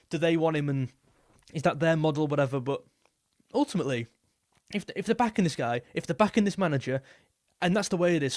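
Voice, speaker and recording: A man's voice: on the high side, a little mellow, no room sound, clean studio sound. A young man hosting a live football stream, chatting casually and rambling as he reads out viewer messages. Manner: rambling, repeats himself, reads super chats aloud.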